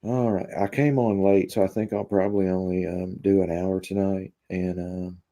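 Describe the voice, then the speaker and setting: A man hosting a live stream, chatting casually with viewers in a deadpan, rambling way full of fillers. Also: sits low, moderate pace. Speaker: live-stream host reading chat.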